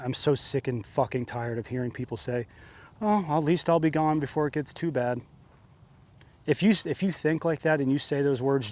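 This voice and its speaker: A man's voice: mid-range voice, a little mellow, slight background noise. A man delivering an angry, profane monologue rant, fired up and sweating, repeating himself for emphasis. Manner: heated, profane, repetitive ranting. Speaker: vlogger. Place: outdoors under an open sky.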